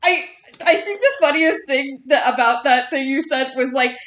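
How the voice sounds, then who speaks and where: A woman's voice: high-pitched, normal speed, a bit bright, roomy sound. A woman chatting casually while she draws, giggly and blunt and swearing freely. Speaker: streamer drawing while chatting. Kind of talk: casual chat.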